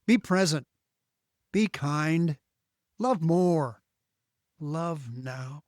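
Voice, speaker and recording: A man hosting a solo inspirational podcast as a bishop, with a slow, emphatic, preacherly cadence. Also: fairly high pitch, animated, dry recording, clean studio sound.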